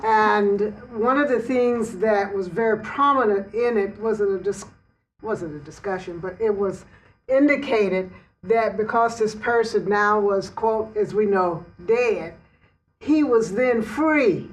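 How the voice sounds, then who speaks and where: A woman's voice: mid-range voice, slow. Thoughtful lady asking a question, sounds distant from the mic. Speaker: discussion participant. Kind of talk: casual group discussion. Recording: voice from far off the mic.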